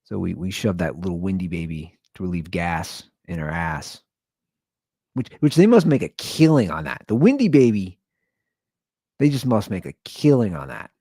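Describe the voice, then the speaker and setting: A man's voice: sits low, big pitch swings, normal speed, warm tone, slightly rough, dry recording, clean studio sound. A tired man hosting a podcast, talking in a blunt, rambling casual monologue full of restarts. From Cincinnati area. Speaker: podcast host.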